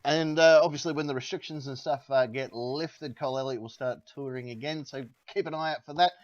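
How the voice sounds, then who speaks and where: A man's voice: medium pitch, steady tone, fairly quick, a loud crowd. A man hosting a casual podcast. He rambles, restarts and says "uh" a lot. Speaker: podcast host. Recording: dull lo-fi sound.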